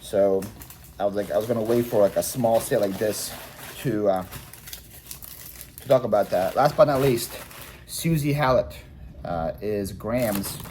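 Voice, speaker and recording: A man's voice: lowish voice, a little slow, pauses often, darkish tone, slight background noise. A man talking casually to his viewers in a vlog while packing orders, chatty and full of fillers and repeated words. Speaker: online reseller vlogger.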